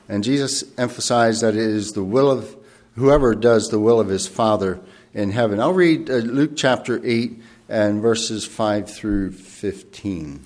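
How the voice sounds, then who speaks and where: Male preacher, mid-pitched voice, earnest and reflective, reads verses slowly and formally. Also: darkish tone. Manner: thoughtful and earnest, often pausing and rephrasing. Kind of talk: sermon.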